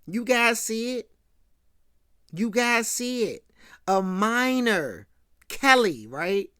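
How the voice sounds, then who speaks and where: Slangy woman ranting, lively pitch. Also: takes it slowly, smooth, no room sound, studio quality. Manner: slangy, keeps checking in with "right?". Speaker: show host. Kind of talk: casual recap rant.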